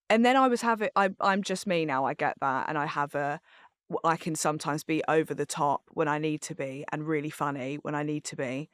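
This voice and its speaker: Woman, podcast guest, smooth clear tone, dry studio sound, candid and rambling. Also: low voice, a little fast, no echo. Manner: candid, chatty, rambling with fillers. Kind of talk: casual chat.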